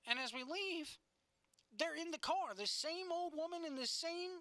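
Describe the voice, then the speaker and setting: A woman's voice: extremely high pitch, normal speed, fairly bright tone, no room sound. A woman co-hosting a casual chat show, telling stories animatedly and swearing freely. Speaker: podcast co-host.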